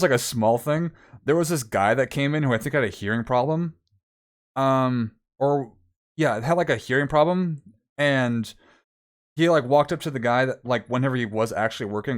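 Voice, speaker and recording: A young man streamer telling a long story in casual chat, rambling with many fillers and acting out what people said. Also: medium pitch.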